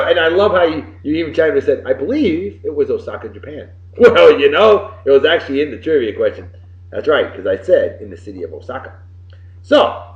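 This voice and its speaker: Exuberant New man, roomy lo-fi sound. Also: mid-range voice. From Massachusetts. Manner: exuberant, swings between loud bursts and mumbled asides. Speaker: podcast host. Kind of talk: casual birthday shout-outs. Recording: roomy, muffled lo-fi home recording.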